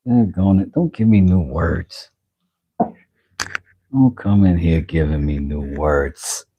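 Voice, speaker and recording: A man with a low, husky voice jokes with his live chat while he works at a carving. He talks slowly with plenty of lift and swing in his pitch. The audio is dull and muffled. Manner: joking, playful banter with chat. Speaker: woodworking streamer.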